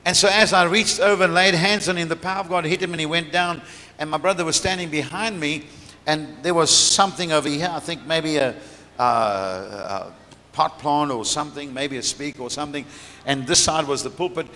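Bright-voiced man preaching in a hall. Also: on the high side, fairly quick. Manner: storytelling with laughter. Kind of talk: sermon testimony. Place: large church hall. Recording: reverberant church hall, faint room noise.

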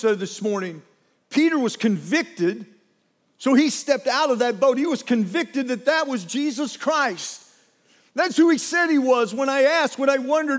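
Preaching as pastor, a man retells scripture in animated, dramatic fashion, his delivery swinging from hushed to loud. He has a high voice at normal speed, with a long reverb tail.

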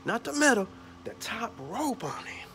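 A man from Georgia, telling a lively story outdoors about his lawn care work, often stumbling over repeated words. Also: very high voice, a little slow, faint music behind. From Atlanta, Georgia. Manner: animated, stumbling repeats, acts out bits. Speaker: lawn care worker filming a vlog. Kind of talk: casual storytelling. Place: outdoors by a carport.

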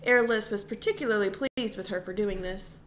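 A woman reading a novel aloud with steady, unhurried narration. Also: mid-range voice, a little hiss or hum. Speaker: audiobook reader. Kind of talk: storybook narration.

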